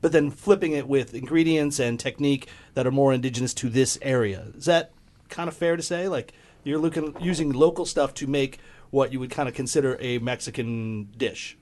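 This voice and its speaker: A man hosting a podcast, asking guests questions in a relaxed conversational way. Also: medium pitch, fairly quick. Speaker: podcast host. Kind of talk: casual interview.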